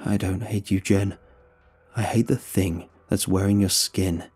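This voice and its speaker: A man voicing a frightened grown man in a horror story, quiet and strained. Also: sits low, steady tone, measured pace, husky, soft background music, exaggerated voice. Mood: shaken. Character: frightened grown man facing his dead daughter.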